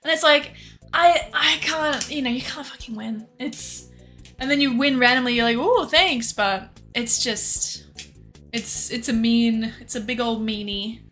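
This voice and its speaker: Bright-voiced young woman chatting on stream. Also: a little high, steady tone, a little slow, faint music behind. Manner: rambling, laughs often, swears casually. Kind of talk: casual livestream chat.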